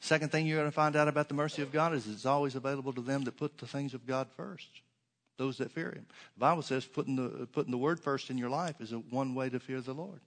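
A man preaching a sermon, reading scripture aloud and swinging between emphatic stresses and soft, quiet asides. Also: medium pitch, quick pace.

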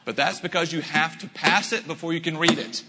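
An American pastor preaches with animated storytelling and quick asides. His voice sits on the higher side for a man. A long hall reverb trails his words through the church. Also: very noisy. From United States. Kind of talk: sermon.

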